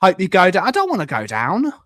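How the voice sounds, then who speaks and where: A man's voice: high-pitched, huge pitch swings, a bit bright, dry recording, studio quality. A man with an Essex accent, chatting casually on a live stream as he reads and answers viewer comments, stretching words out for emphasis. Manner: drawn-out emphatic words, muttering while reading comments.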